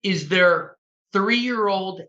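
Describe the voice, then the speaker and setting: Animated man telling a story, echoey. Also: high voice, extremely slow. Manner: animated, acts out quoted dialogue. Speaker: realtor guest on a real estate podcast. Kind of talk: casual storytelling. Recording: echoey room, dull lo-fi sound.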